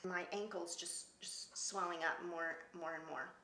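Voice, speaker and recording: A middle-aged woman telling her own story in casual talk, lively and laughing between lines. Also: fairly low pitch, a little slow, slight background noise. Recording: roomy echo.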